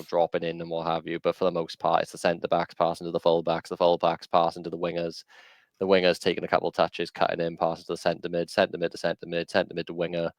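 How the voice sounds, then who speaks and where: A man's voice: low-pitched, no room sound. A man co-hosting a casual podcast over a video call, rambling and opinionated with frequent restarts. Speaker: podcast co-host.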